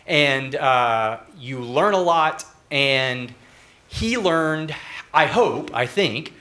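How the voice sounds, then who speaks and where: A young man from Northeast Texas stands up in the audience to ask a question. His voice is bright and tense, and he talks haltingly, full of fillers. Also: medium pitch, lively intonation. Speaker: audience member asking a question.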